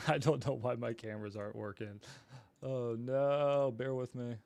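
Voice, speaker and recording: A man's voice: medium pitch, steady tone, moderate pace, vocal fry, a little mellow, no room sound. Flustered man hosting a livestream. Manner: flustered, apologetic, talks to chat. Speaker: livestream host. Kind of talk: casual livestream chat.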